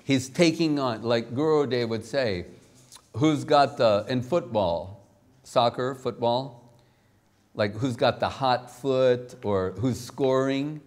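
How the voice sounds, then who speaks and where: A man giving a spiritual talk, telling a personal story in a slow, rambling, self-deprecating way. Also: mid-range voice, darkish tone. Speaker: spiritual teacher.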